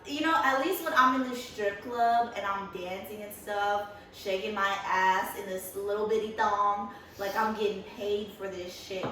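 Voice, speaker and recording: A woman's voice: medium pitch, steady tone, a little slow, hardly any pauses, fairly bright tone. A young woman co-hosting a podcast, chatting casually in a blunt, profane way and laughing often. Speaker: podcast co-host. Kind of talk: casual chat. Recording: echoey room, mic far off.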